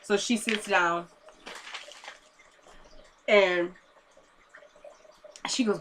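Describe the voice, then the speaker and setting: A young woman talks straight to camera in a loose, chatty recap, her voice bright and forward. She retells scenes by slipping into the characters' lines, dropping low and quiet for the dialogue, then springing back up when she gives her own take. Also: steady tone, slow, pauses often, a little hiss or hum. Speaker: TV episode reviewer. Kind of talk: casual recap vlog.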